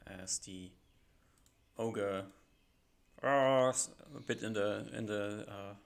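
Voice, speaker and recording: Gravelly low-voiced man running a tabletop game. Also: slow pace. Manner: loose, filler-heavy narration. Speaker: game master. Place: home setup, live stream.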